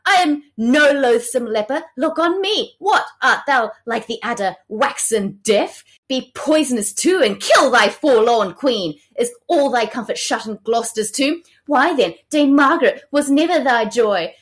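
Woman doing melodramatic scornful queen, high and theatrical. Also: expressive, unhurried, few pauses. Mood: indignant. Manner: mock-sweet, melodramatic recitation. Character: haughty, scornful queen, wheedling and mean.

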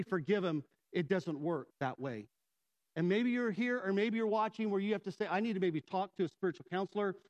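A middle-aged male pastor gives a storytelling sermon in a fairly high, light voice. He is animated and acts out the voices of the people in his story. His inner dialogue gets the same lively treatment. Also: highs cut off.

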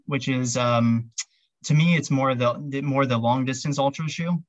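A man's voice: medium pitch, fairly even intonation, moderate pace, dry recording, highs cut off. A man chatting casually as an interview guest, rambling with lots of "um" and "like" fillers. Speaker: podcast guest, ultrarunner.

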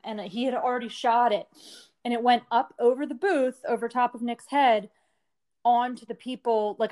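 A woman co-hosting a podcast, telling a rambling story in casual chat, full of "like" fillers. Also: fairly high pitch. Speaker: podcast co-host.

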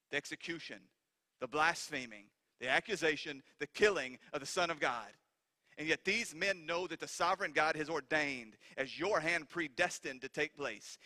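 A man's voice: a little high, sharp tone, long reverb tail. A man preaching a sermon with impassioned delivery and rhetorical questions. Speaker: pastor.

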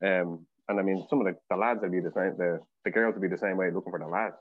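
A man's voice: low-pitched, fast, dry recording, phone-quality sound. An Irish man living abroad, a guest in a casual chat, talking in a chatty storytelling way. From Ireland. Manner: chatty, storytelling with acted quotes.

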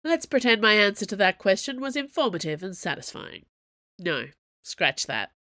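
A woman voicing a calm, terse male boss of a circus crew. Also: mid-range voice, moderate pace, no room sound, clean studio sound, pitched above the performer's own voice. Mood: stern.

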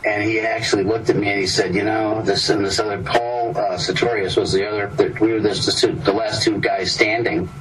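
A man's voice: fairly low pitch, brisk, few pauses, over a noisy crowd. An older man, an actor, telling a rambling anecdote in casual interview talk, acting out the people he quotes. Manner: rambling, lively storyteller voicing quoted people. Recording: distant mic with clear background noise.

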